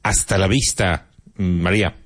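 With a steady tone, a deep-voiced male English teacher moves briskly through a vocabulary drill, encouraging his class. The audio is dry and close-miked, free of room sound.

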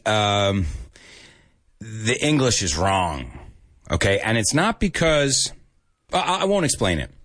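Brief: lively American teacher, playful, very expressive pitch, casual stream. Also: male voice. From United States. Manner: animated, playful, mixes in Spanish. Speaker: English teacher. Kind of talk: live stream English lesson.

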